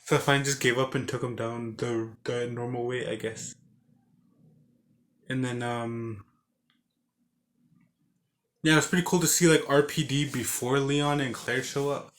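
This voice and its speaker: A man talks through a video game's story in a loose, rambling way, full of fillers and false starts. His voice sits at an ordinary middle pitch. Now and then he breaks into growls and sound effects for the characters. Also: fairly even intonation, moderate pace, long pauses, a bit bright. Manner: acts out game characters with grunts and sound effects. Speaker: game reviewer. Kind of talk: casual game recap.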